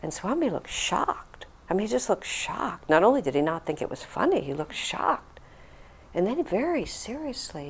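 A woman's voice: mid-range voice, sing-song, moderate pace, a little hiss or hum. An older woman, a spiritual teacher, talking to a group and telling an earnest, reflective story with acted-out quotes. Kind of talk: talk to a group, answering a question.

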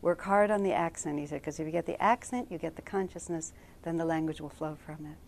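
Woman meditation teacher, casual lively storyteller, laughs easily, in front of a group. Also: deep voice, brisk, a little hiss or hum. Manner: conversational, laughs often, animated storytelling. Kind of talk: informal spiritual class talk.

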